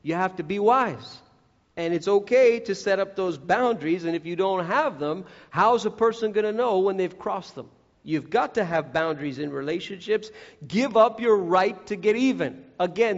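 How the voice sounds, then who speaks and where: High-voiced man preaching in an echoey hall. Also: moderate pace. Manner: earnest, acts out quoted voices. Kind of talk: sermon. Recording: echoey hall, dull lo-fi sound.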